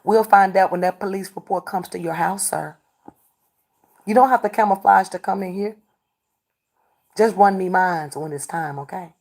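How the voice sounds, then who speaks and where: A combative woman on a livestream, calling out her chat again and again. She scolds and repeats herself, with an everyday pitch that sits in the middle of the range. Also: normal speed, long pauses, a little mellow. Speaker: livestreamer doing readings. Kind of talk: confrontational livestream talk to chat.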